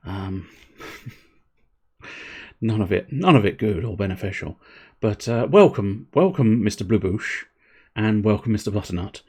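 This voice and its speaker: A man's voice: fairly low pitch, darkish tone, slightly rough. Rambling, sweary man streaming. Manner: rambling, jokey, sweary, talking to chat. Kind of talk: casual live-stream chat while gaming.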